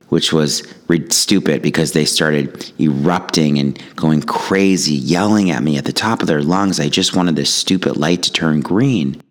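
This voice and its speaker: A man with a remarkably deep, low voice tells a personal story. He speaks as a yoga teacher and speaker, calm and reflective, with a wry sense of humor running through the anecdote. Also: normal speed, hardly any pauses. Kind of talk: storytelling monologue.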